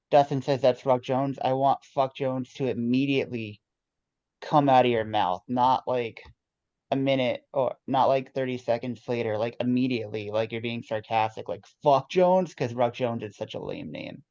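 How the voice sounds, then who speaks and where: A man's voice: mid-range voice, steady tone, normal speed, a little mellow, no room sound. Guy giving rehearsal notes, rambling, dull lo-fi dry recording. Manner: rambling, many restarts and fillers. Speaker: director.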